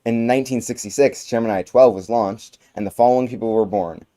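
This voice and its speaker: A man's voice: medium pitch, warm tone. A young man co-anchoring a student news show, reading items from a script with occasional slips. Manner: halting read with slips.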